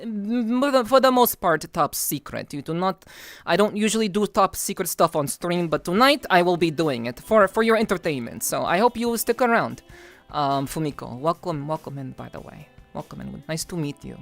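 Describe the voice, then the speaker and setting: A woman streaming live, chatting with her viewers in a deadpan, teasing way with stiff, overly formal phrasing. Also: fairly low pitch, normal speed, gravelly, faint music behind. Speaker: VTuber streamer. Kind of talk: casual live-stream chat.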